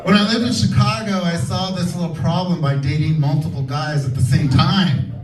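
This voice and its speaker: A man doing a stand-up comedy set, animated and campy, shouting his punchlines. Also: on the high side, moderate pace, recorded from a distance. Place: comedy club stage. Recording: echoey club heard from afar. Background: laughing crowd.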